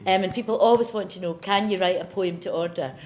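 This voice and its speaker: A Scottish woman with a slightly low voice chats in a lively, animated way as the guest poet in a stage interview. When she reads her verse, she declaims it with strong, deliberate emphasis on the words. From Scotland. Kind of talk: conversational chat and poetry reading.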